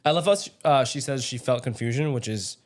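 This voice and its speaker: A man's voice: medium pitch, fairly quick. A young adult man co-hosting a podcast, making dry, sarcastic remarks in casual conversation. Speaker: podcast co-host. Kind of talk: casual political podcast chat.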